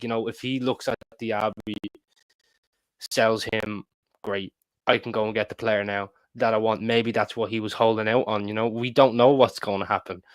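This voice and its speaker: A man's voice: fairly low pitch, no echo. A man with an Irish accent chatting casually as a podcast co-host, sprinkling in lots of "you know". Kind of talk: casual chat.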